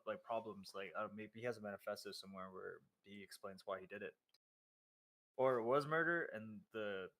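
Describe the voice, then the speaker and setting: A man's voice: lowish voice, sharp tone. A man co-hosting a podcast, talking casually and loosely, with lots of "like" fillers as he recounts what he has seen. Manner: loose, filler-heavy storytelling with "like". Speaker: podcast co-host.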